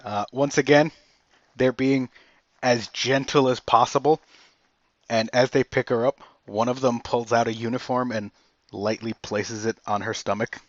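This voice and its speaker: A man running a tabletop game, narrating casually with halting pauses. His voice sits in a middle register and sounds slightly muffled and lo-fi in a dry room. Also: medium pitch, fairly even intonation, no room sound. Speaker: game master.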